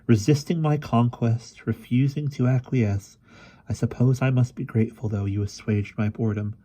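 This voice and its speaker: A cruel, ancient witch queen who drawls her words slowly and possessively, as a man reading the story puts her on. The delivery is languid and silky over a dark, mellow voice. It suits a read-aloud fantasy storybook. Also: medium pitch, steady tone, pitched above the performer's own voice, lightly acted. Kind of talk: audiobook character reading.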